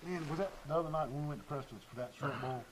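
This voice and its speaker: A man's voice: medium pitch, very fast, a little hiss or hum, low-quality recording. A middle-aged man hosting a casual local sports talk show, chatty and folksy as he runs through sponsor plugs.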